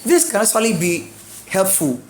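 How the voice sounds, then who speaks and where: A woman's voice: lowish voice, expressive, normal speed, slight background noise. Woman drilling stress rules. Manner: chants suffixes in a singsong, drills word lists. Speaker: English teacher. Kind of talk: exam-prep lesson.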